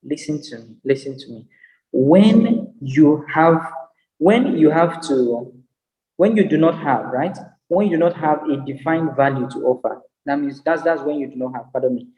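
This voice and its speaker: A man lectures with an emphatic, repetitive, preacher-like cadence. His voice sits fairly high but sounds dark and mellow in tone. The sound rings with a long reverb, as in a big hall. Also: moderate pace. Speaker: business psychologist and speaker. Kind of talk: motivational lecture.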